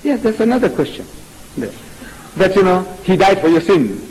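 A man giving a religious lecture as an Islamic preacher, firing off rhetorical questions in an animated way. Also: high-pitched, normal speed, poor audio.

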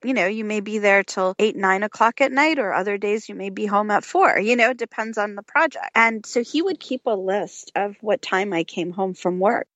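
Woman in her 30s telling her story, candid and animated, dull dry sound. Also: mid-range voice, moderate pace, few pauses, dry recording. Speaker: guest. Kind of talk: personal story in an interview.

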